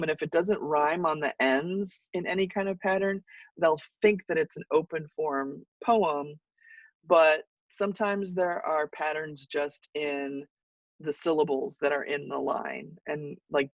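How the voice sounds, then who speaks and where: A fairly high-pitched man lecturing to a class, easygoing and loose, with plenty of ums and restarts. He sounds set back from the mic, and the sound is muffled and dull. The room is dry. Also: no echo, recorded from a distance. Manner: relaxed explaining with fillers and restarts. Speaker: college English teacher.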